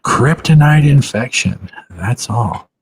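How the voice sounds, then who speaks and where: A man's voice: mid-range voice, lively intonation, takes it slowly, breathy edge. A man co-hosting a casual livestream, teasing and joking around. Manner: joking, teasing, stumbling restarts. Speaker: co-host.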